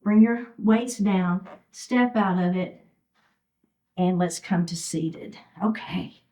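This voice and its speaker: Speaking slowly in a lowish, mellow voice, a woman teaches chair yoga with supportive instructions for every movement. She's a little winded, and the audio quality is poor.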